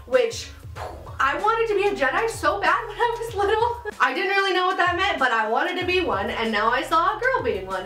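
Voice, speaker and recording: A woman's voice: sits high, a bit bright. A young woman vlogging in casual chat to camera, giggling often and filling her talk with "like" and "um". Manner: chatty, giggly, many fillers. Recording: echoey room, mic at a distance, music underneath.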